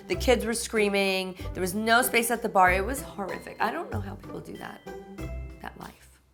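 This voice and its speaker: A woman hosting her own vlog, telling stories in a sarcastic, gossipy way and swearing freely. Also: medium pitch. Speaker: vlog host. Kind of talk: confessional to-camera storytelling.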